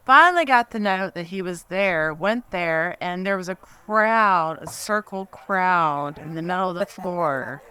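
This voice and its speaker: Female eulogist, bright, forward voice, nervous and emotional, off-the-cuff memorial anecdote. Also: lowish voice, lively intonation, clear, resonant tone. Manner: halting, emotional, laughs through her story. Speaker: friend giving a eulogy. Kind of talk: memorial speech, personal anecdote. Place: memorial gathering.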